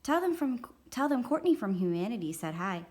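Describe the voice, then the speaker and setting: A woman's voice: mid-range voice, very animated, fairly quick, a little mellow, lightly acted. A woman voicing an admiring twelve-year-old schoolgirl in a read-aloud story. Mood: gushing. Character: gushing schoolgirl, about twelve.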